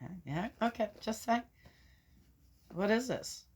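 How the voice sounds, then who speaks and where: A woman's voice: fairly high pitch, lively intonation, slow pace, husky. A woman reading scripture aloud, breaking off into skeptical, argumentative asides that sink to a mutter. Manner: interrupts herself with doubting, argumentative remarks; loud when reading, drops to mutters for asides. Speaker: scripture reader and commentator.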